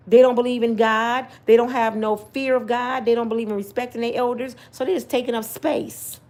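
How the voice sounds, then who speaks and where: A woman's voice: fairly high pitch, a little mellow. A middle-aged woman, a mother and grandmother, giving blunt, scolding opinions and personal stories straight to her viewers. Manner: emphatic and repetitive, talks straight to viewers. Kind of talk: casual story time commentary.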